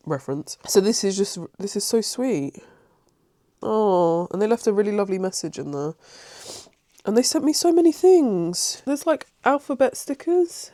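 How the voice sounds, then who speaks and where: A woman's voice: lowish voice, dark tone, no room sound. Rambling, emotional woman vlogger, dry sound. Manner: rambling and self-interrupting; emotional and easily moved. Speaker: craft vlogger. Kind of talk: casual chat.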